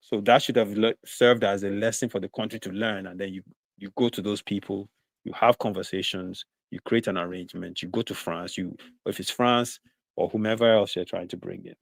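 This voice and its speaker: A man with a low, gravelly voice argues his case on a live talk show. He speaks in a measured way, often checking in with "you know". The sound is close and dry, with no room in it. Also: fairly even intonation, dry recording. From southern Nigeria. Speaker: panelist.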